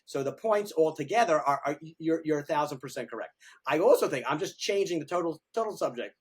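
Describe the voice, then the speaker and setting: Older man rambling, slightly high voice. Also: brisk, slightly rough. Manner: rambling and animated, with frequent repeated words and restarts. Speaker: retired pediatric dentist, podcast guest. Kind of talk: casual interview chat.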